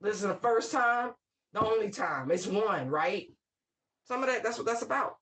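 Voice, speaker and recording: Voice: medium pitch, lively intonation, normal speed, sharp tone. Tarot reader, casual spiritual reading, blunt, profane, wry asides, laughs mid-sentence.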